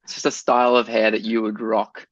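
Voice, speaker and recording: A man's voice: fairly low pitch, completely flat delivery, brisk, no echo, highs cut off. A man co-hosting a podcast in casual chat, joking around, laughing often and asking questions. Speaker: podcast co-host.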